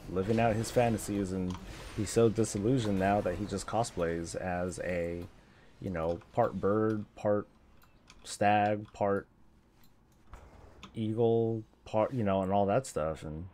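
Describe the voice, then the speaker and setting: Low-voiced guy streamer rambling and joking while he games, laughs a lot, bit of faint room hum. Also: darkish tone. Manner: rambling, jokey, laughs often. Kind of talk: casual stream chat while gaming.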